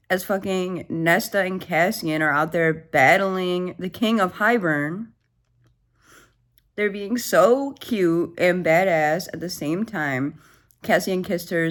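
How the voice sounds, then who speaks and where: Woman in her 20s, deep low register, casual book vlogger, gushing and profane. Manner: excitable, swears freely, gushing reactions. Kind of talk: casual reading vlog updates.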